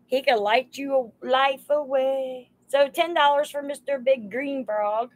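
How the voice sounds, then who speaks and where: A woman's voice: high-pitched, unhurried, rough recording. A woman hosting a live sale stream, chatting homily and greeting viewers by name as she prices items. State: overheated.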